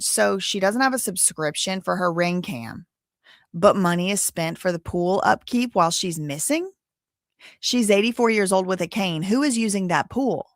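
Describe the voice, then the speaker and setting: A woman's voice: mid-range voice, vocal fry, no room sound, studio quality. A woman hosting a live case-update stream, chatting casually with viewers in a blunt, indignant way, sometimes cursing. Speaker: host.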